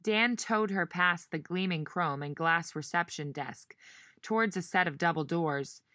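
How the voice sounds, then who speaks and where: Woman narrating a novel, bright and dry. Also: on the low side, no room sound. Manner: measured storytelling, voicing characters. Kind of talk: audiobook narration.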